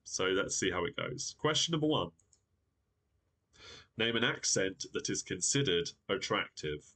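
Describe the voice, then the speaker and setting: A man with a lowish voice runs a live-streamed quiz show. He talks in a chatty, upbeat way and reads out the viewers' guesses as he goes. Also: very animated, a little slow, sharp tone. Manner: chatty and upbeat, reading viewer comments aloud. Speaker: quiz host.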